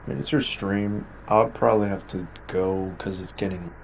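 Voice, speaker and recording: Low-ish guy chiming in on a stream, laid back, lots of uhs. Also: steady tone, gravelly, slight background noise, low-quality recording. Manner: laid-back, halting with fillers. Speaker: co-host. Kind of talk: casual stream chat.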